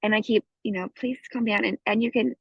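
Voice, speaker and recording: Husky higher-voiced woman telling a story. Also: fast talker, no echo. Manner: lively storyteller who acts out her child's and her own lines. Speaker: guest, course student. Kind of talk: casual storytelling in an interview. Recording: dull, dry close recording.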